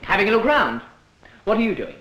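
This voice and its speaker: A performer voicing a calm, mysterious visitor in a stage musical. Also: mid-range voice, brisk, slight background noise, low-quality recording. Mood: calm curious. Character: calm mysterious visitor calling himself Mister Space.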